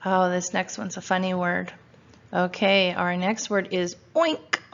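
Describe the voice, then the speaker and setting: A woman teacher walks young children through a phonics spelling lesson and sounds out each letter with patience. Her voice has a gravelly edge and she speaks at an unhurried pace. The recording is dull and lo-fi. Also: on the low side, level tone, a bit bright. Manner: sounds out letters slowly and patiently, asks questions. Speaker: first grade teacher.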